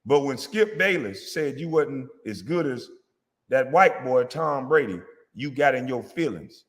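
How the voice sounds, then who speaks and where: A man's voice: mid-range voice, long reverb tail. A man, a former basketball player, delivering a heated, profane, confrontational rant at a critic. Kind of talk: angry rant.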